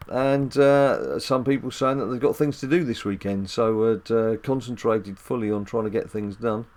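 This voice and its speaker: A man's voice: medium pitch, fairly even intonation, normal speed, darkish tone. A man hosting a casual mobile game let's-play at home, chatty and rambling with jokes and filler ums. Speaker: dad gaming channel host.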